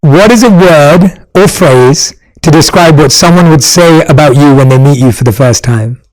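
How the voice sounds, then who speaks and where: A man's voice: a little high, normal speed, a little mellow, low-quality recording. A man hosting a podcast, chatting casually and self-deprecatingly, laughing often and restarting his sentences. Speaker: podcast host. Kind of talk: casual interview chat.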